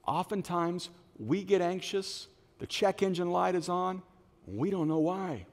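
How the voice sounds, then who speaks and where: A middle-aged pastor with a high voice preaches a sermon at a measured pace in a church auditorium. He tells stories with animation, acting out the voices of the people in them, and a long hall reverb trails his words.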